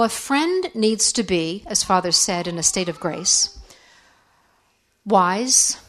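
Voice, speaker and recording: Candid middle-aged woman, conversational talk. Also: mid-range voice. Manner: candid, conversational, acts out quoted voices. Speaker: speaker on faith and forgiveness. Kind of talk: reflective personal talk to women.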